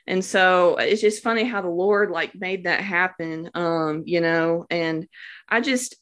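Unhurried and on the low side, with a touch of brightness, a new mother offers a casual testimony about giving birth. Her telling is devout and informal, packed with fillers and words of praise.

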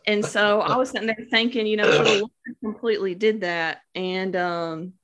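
A woman's voice: mid-range voice, fairly even intonation, normal speed, a bit bright. A young woman telling her birth story in a casual, devout way, with many fillers and words of praise. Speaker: new mother sharing a birth story. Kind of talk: casual personal testimony.

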